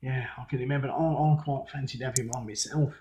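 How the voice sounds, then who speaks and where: A man's voice: medium pitch, fairly even intonation, a little fast, dark tone, slight background noise. An older man with a Brummie accent, casually narrating over old pictures he sent in as a video. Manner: chatty, reminiscing. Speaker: viewer sending in a video.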